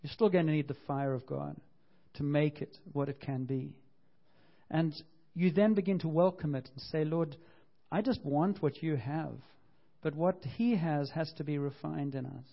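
A man's voice: a little high, gravelly, muffled recording. A man preaching a sermon with passion, often repeating himself and acting out the quotes he tells. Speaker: pastor.

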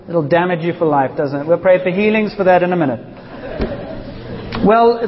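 A man from South Africa preaching a sermon in an informal, joking way and speaking straight to his congregation. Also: on the high side. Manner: informal and joking, talks to the audience. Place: church hall. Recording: dull reverberant hall.

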